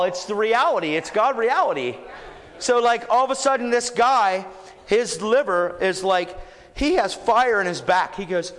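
Male preacher, lively swooping delivery, recorded in a reverberant hall. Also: high voice, measured pace, slight background noise. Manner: animated, building to shouts. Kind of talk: storytelling sermon.

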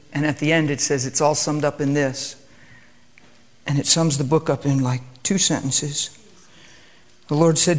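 A man leads a sermon in a hushed, reverent manner, calm and subdued. His voice sits a little higher than most men's. He drifts in and out of prayer. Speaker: preacher.

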